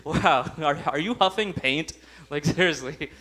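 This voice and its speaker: Young man, stand-up comedy, high-pitched, laughs at own jokes, plays characters. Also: unhurried, bright, forceful tone. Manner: laughs at his own jokes, acts out voices. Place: comedy club stage.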